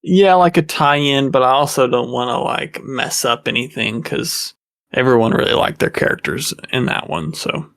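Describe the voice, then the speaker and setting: Gravelly man rambling at a game table. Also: medium pitch, normal speed, a bit bright. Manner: rambling, lots of fillers. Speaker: player. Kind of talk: casual chat at a gaming table.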